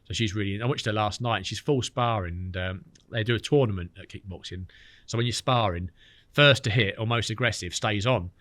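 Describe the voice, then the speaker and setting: A man's voice: on the low side, fairly quick, fairly bright tone, dry recording. A man in his thirties, a podcast guest, chatting casually and telling stories full of fillers. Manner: chatty storyteller, lots of fillers. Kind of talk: casual chat.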